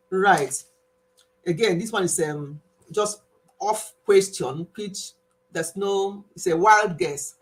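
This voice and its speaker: A woman, hosting a casual live stream quiz and playfully scolding a viewer in a chatty way. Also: mid-range voice. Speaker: livestream host.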